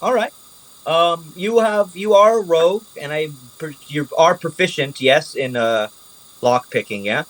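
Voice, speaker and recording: A man narrating a tabletop game as game master, animated and casual, swearing freely. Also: on the high side, unhurried, low-quality recording.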